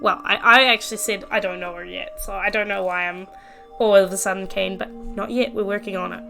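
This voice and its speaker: A woman's voice: mid-range voice, steady tone, brisk, creaky, bright, forceful tone, soft background music. A young woman playing and reading a story game aloud, her voice strained and starting to crack. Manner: playful, reads every character aloud. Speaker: gaming YouTuber. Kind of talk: let's play with voiced reading.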